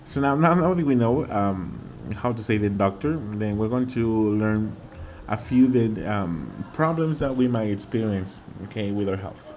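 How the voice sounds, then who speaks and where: A man's voice: lowish voice, expressive, measured pace, few pauses, darkish tone, a little hiss or hum. A man with a Mexican accent teaching vocabulary, patiently repeating each word and often checking in with "okay?". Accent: Mexican Spanish. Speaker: Spanish teacher. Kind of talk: slow vocabulary lesson.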